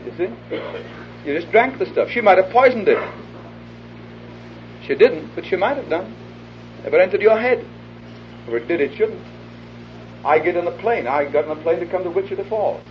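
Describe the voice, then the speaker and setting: A man preaching an evangelistic sermon, earnest, acting out little dialogues and dropping to an intimate hush for his appeal. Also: high-pitched, animated, moderate pace, pauses often. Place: hall before a live audience. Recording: dull lo-fi archive tape with faint hiss.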